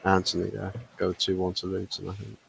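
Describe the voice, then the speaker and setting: Low, creaky male panelist, halting and self-mocking. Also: monotone, slight background noise. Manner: hesitant, many fillers, laughs at himself. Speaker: football podcast panelist. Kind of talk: casual chat.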